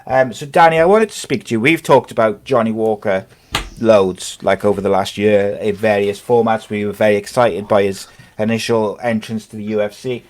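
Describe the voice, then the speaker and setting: A man's voice: fairly low pitch, fairly even intonation, normal speed. A man hosting a casual sports podcast, talking in a rambling way with many fillers and restarts. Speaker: podcast host.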